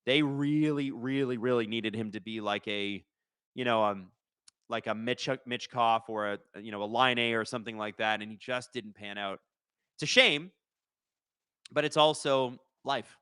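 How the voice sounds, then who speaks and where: Bright-voiced man streaming. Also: medium pitch, moderate pace, clear, resonant tone, no room sound. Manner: jokey, reads viewer comments aloud. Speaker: host of a live watch-along stream. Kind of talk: casual live-stream chat and play-by-play.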